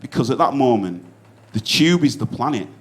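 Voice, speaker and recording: A man's voice: mid-range voice, big pitch swings, moderate pace. A young man with a Yorkshire accent doing a stand-up comedy set on stage, swearing freely and rambling through anecdotes full of asides. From Yorkshire, England.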